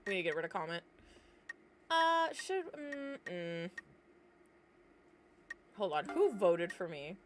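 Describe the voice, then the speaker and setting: A woman's voice: fairly low pitch, very animated, slow pace, pauses often, slight background noise. A woman livestreaming a game, chatting casually and reacting with swearing and laughter. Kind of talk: casual live gameplay chatter. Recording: game music playing behind. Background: game music.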